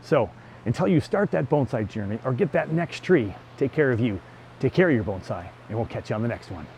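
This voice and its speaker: A man's voice: mid-range voice, lively intonation, a little fast, darkish tone, a little hiss or hum. Upbeat man touring a greenhouse. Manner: enthusiastic, chatty, full of exclamations. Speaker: bonsai vlogger host. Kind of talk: casual walk-and-talk vlog. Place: indoor greenhouse at a plant nursery.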